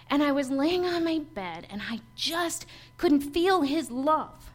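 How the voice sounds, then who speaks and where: A woman pastor preaching a sermon and telling a personal testimony, swinging from hushed to emphatic. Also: high-pitched, animated, slow pace.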